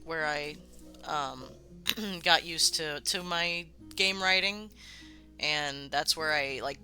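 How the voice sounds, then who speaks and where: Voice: mid-range voice, pushed and bright. A streamer hosting a live worldbuilding show, chatting loosely with viewers and swearing freely. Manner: loose and casual, swears freely, many fillers. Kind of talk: casual live-stream chat, answering viewer comments.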